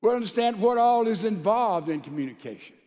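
A male pastor preaching a sermon to a large church congregation, calling out to the crowd and swinging between loud and soft. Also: high-pitched, expressive, fast talker, in a large hall. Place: large church sanctuary with a balcony.

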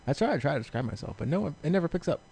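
A man's voice: a little high, very animated, rapid-fire, vocal fry, a little mellow, a little hiss or hum. A man co-hosting a casual podcast, telling rambling stories with self-deprecating asides. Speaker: podcast co-host. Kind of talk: casual chat. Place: small room, seated at a table.

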